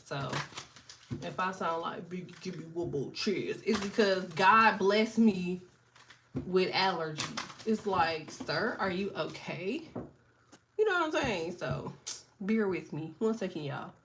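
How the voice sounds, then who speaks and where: A woman's voice: lowish voice, animated, a little slow, a bit bright, slight background noise. A woman in her thirties with allergies, chatting casually and animatedly as a livestream host, joking, swearing and laughing often.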